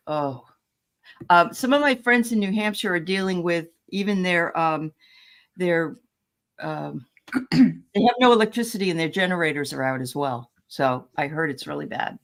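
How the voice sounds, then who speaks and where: A chatty woman hosts a casual livestream and greets viewers by name. She talks in a loose, meandering way, with plenty of ums and uhs. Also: fairly low pitch. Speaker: host.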